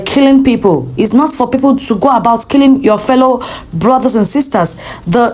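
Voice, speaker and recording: A woman's voice: fairly high pitch, a little mellow. A woman giving emphatic opinion commentary, often repeating her points.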